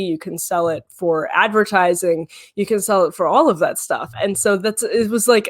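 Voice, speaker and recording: A woman co-hosting a casual political chat, speaking quickly and emphatically. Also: medium pitch, dry recording, clean studio sound. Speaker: culture editor, co-host.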